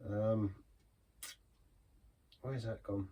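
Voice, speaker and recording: A man's voice: fairly low pitch, takes it slowly, long pauses, warm tone, husky. A man giving a casual, rambling beer review in a pub, chatty and self-deprecating.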